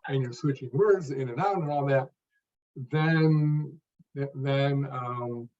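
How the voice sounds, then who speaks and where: A man's voice: medium pitch, slow, a little mellow, far from the mic, lo-fi sound. An older man explaining how he learned to speak, talking in distinct phrases and stressing a word near the end of each. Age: 50s or older. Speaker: stuttering coach and guest. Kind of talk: interview answer, explaining his method.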